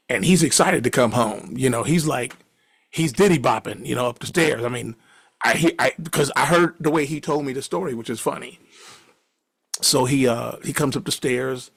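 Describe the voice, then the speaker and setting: A man's voice: mid-range voice, vocal fry, husky, no room sound. A man casually telling a profane, rambling story and laughing along with it.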